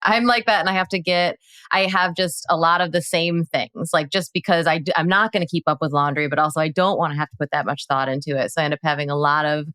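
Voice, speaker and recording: A woman hosting a podcast, chatty and quick to laugh. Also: deep voice, steady tone, a bit bright, no echo. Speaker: podcast host. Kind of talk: casual podcast chat.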